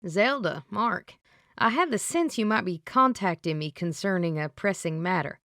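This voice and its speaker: A woman's voice: lowish voice, animated, normal speed, dry recording, studio quality. A woman voicing a grumpy older man with a Southern accent, a psychic on the phone in an audiobook. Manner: gruff, then softening.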